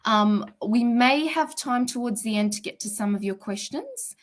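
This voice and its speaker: A woman's voice: on the high side, expressive, moderate pace. A woman from Sydney with an Australian accent, a provisional psychologist presenting a live webinar in a casual, chatty way and greeting viewers by name, with fillers like "sort of" and "um". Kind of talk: informal live webinar talk.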